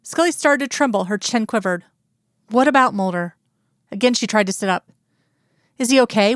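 Smooth-voiced woman reading a story. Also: medium pitch, dry recording, clean studio sound. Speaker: reader. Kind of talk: fan fiction audiobook narration.

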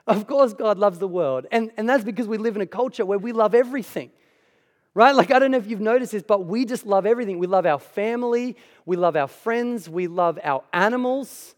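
A man's voice: high voice, fairly quick. A man delivering a conversational sermon as a pastor, emphatic and chatty, with asides to the congregation. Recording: hall reverb.

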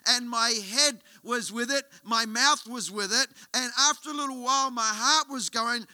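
A man's voice: extremely high pitch, normal speed, hardly any pauses, pushed and bright, no room sound. An Australian man preaching as a guest pastor, telling a story and building to emphatic, rising appeals. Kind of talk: sermon. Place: church auditorium.

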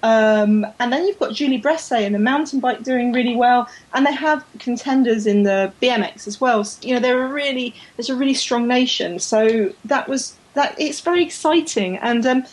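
A woman's voice: fairly high pitch, moderate pace, hardly any pauses, poor audio. A woman co-hosting a podcast in casual chat, chatty and laughing easily, sometimes stumbling over names. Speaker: podcast co-host.

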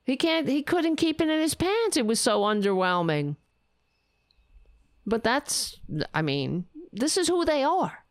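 A woman's voice: sits high, very animated, unhurried, no echo, studio quality. A middle-aged woman hosting a casual livestream, ranting bluntly and chatting with her viewers and her cats. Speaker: livestream host. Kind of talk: casual political livestream chat.

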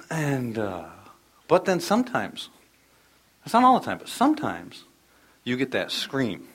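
A man's voice: medium pitch, brisk, breathy edge. A middle-aged man preaching a sermon, telling stories with energy and sometimes dropping almost to a whisper for emphasis. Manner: storytelling, animated, drops to near whisper for emphasis. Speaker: pastor.

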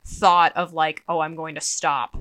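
A woman's voice: sits low, little pitch movement, a little slow, a bit bright, no room sound. A woman podcast co-host in casual chat, giving blunt, dismissive opinions on a TV show.

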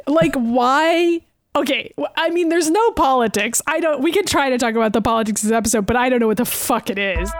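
A woman co-hosting a casual podcast, recapping a cartoon episode quickly, laughing often and swearing freely. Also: high voice. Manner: fast, laughing, swears freely, acts out lines. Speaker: podcast co-host.

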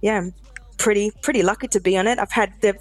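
Woman guest, animated storyteller, dry close sound. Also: medium pitch, quick pace, dry recording, low-quality recording. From Australia. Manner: animated, acts out quotes with laughs. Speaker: guest musician. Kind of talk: casual storytelling interview.

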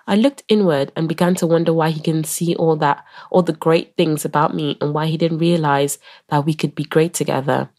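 A woman's voice: sits low, steady tone, fairly quick, few pauses, darkish tone. A young woman hosting her own podcast, sounding nasal from a cold as she shares candid, reflective personal stories. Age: young adult. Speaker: podcast host.

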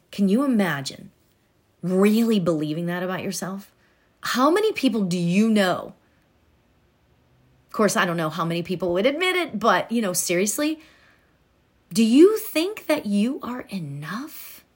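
Slow, earnest woman giving motivational talk. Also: mid-range voice, big pitch swings. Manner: earnest, drops to soft near-whispers for affirmations; talks directly to the listener with many "right?" tags. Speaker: self-help speaker.

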